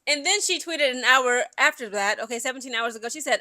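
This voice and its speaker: In a high-pitched, pushed and bright voice, a woman races through chatty, emphatic sports gossip commentary with hardly any pauses, speaking directly to her viewers and repeatedly throwing in "okay?"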